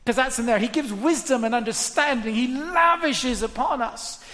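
A woman's voice: on the high side, normal speed, fairly bright tone. Earnest woman preaching in a reverberant hall. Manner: earnest, repetitive, conversational preaching. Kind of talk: sermon.

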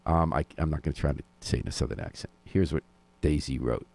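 A man's voice: very deep voice, fast talker, creaky, a little mellow. A man hosting a local news and music radio show from a studio, with wry, sardonic commentary. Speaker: radio host.

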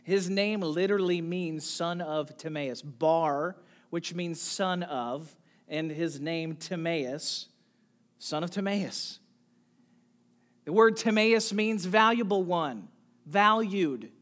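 Delivering a sermon at a slow pace, a mid-range-voiced pastor addresses the congregation with direct questions. He moves between hushed near-whispers and loud, emphatic calls.

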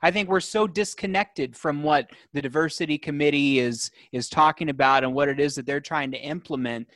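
A man's voice: fairly high pitch, brisk, a bit bright, no room sound. A man guest in a casual panel discussion, chiming in agreeably.

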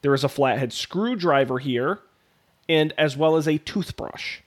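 A man's voice: fairly high pitch, measured pace. A man with a cold, co-hosting a podcast over a video call and reading a text adventure game aloud with playful emphasis. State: has a cold. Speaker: podcast host.

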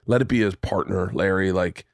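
Male podcast host, 30s, animated swearing storyteller, dry close mic. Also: low-pitched, moderate pace, no echo. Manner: animated, profane storyteller who acts out quotes. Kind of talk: casual conversation, storytelling. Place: home studio room.

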